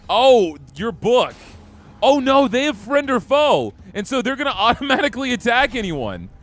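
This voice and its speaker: A man's voice: extremely high pitch, big pitch swings, a little slow, faint music behind. A young man streaming a game live, chatting upbeat and casually with his viewers while he plays. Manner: upbeat, chatty, talks to chat. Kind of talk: live gameplay commentary.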